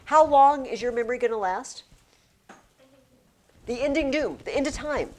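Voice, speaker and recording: A woman's voice: high voice, animated, moderate pace, pauses often. A woman teacher leading a classroom poetry lesson, reading verse aloud and chanting the rhythm of the lines.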